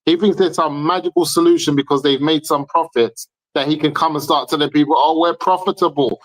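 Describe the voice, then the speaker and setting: Man, slightly high voice, emphatic, repeats points, heated debate. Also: fairly even intonation, a little fast, poor audio.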